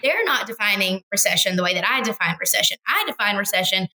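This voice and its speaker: A woman's voice: mid-range voice, expressive, quick pace, sharp tone, poor audio. A woman co-hosting a podcast in casual political chat, wry and joking, with laughs between her points. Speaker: podcast co-host.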